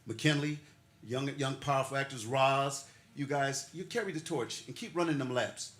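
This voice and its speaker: This older man's voice is mid-range and fairly bright, moving at a moderate pace as he accepts an award with heartfelt emotion. Laughter runs through his words, and he stacks up his points with repeated, preacherly lines. It was captured in an echoey ceremony hall carrying faint noise.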